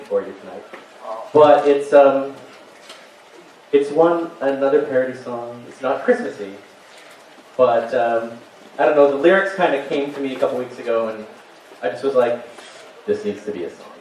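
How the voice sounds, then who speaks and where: A man's voice: mid-range voice, normal speed, a little mellow. A man performing live comedy on a convention stage, chatting in a self-mocking way and singing a parody song. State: feeling unwell. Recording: distant mic, very echoey hall, noisy.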